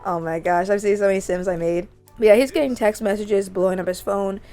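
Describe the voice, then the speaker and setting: A woman's voice: medium pitch, brisk, soft background music. Chatty young woman narrating her game. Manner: chatty, easily excited, gasps and laughs. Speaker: gaming channel host. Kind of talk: let's-play commentary narrating a life-sim game.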